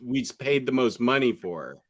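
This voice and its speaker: A man's voice: medium pitch, lively intonation, moderate pace, dry recording. A man co-hosting a casual podcast chat, earnest and laughing easily as he asks questions.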